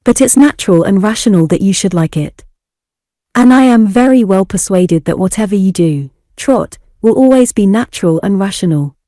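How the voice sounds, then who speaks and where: A woman's voice: medium pitch, lively intonation, dark tone, no echo, studio quality, lightly acted. Stern elderly aunt, read by a woman. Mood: firm. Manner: emphatic, brisk, firm. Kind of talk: audiobook reading.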